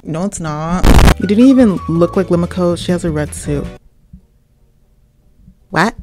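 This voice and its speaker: A woman's voice: lowish voice, a little slow, long pauses, darkish tone. A young woman giving casual, profane, sarcastic commentary as she plays a video game. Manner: profane, sarcastic, trash-talking. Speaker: gaming vlogger. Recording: music playing behind voice.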